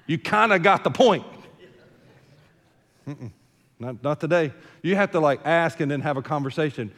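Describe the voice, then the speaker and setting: An older man serving as senior pastor preaches in a church sanctuary, his voice on the high side and sounding like a big room. He talks conversationally, with joking asides, and repeats words as he starts a thought.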